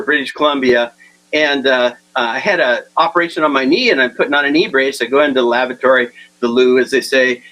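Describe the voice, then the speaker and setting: On poor audio, a man with a high, bright, forceful voice delivers a funny motivational talk. He tells stories, voices the characters' quotes, repeats his punchlines, and frequently stumbles into restarts.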